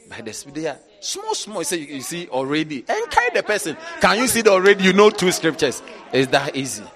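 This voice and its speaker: Animated preacher in a hall. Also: male voice, on the high side. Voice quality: animated, rising to shouts and laughter. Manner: preaching with call-outs and acted quotes. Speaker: bishop. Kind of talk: sermon. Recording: long reverb in a large hall.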